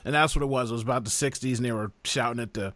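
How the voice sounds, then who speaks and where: A man hosting a podcast, telling family stories in animated casual chat. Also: mid-range voice, very fast, no echo. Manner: animated storyteller who mimics voices. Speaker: podcast host.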